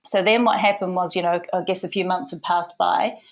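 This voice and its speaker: Middle-aged New woman, low voice, relaxed chatty guest who fills pauses with "you know". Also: vocal fry. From New Zealand. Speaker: guest, hair and makeup artist. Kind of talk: casual storytelling interview.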